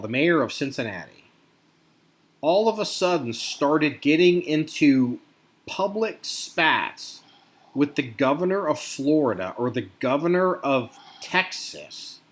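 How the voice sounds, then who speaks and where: A man co-hosting a casual podcast, talking with a lot of swearing and acting out angry quotes. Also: medium pitch. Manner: profane, animated, acts out angry quotes. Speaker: podcast co-host.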